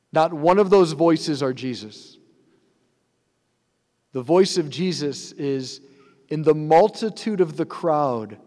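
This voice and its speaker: A man's voice: on the high side, darkish tone. A man, a priest, giving a sermon in an earnest, conversational way with rhetorical asides. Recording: long hall reverb.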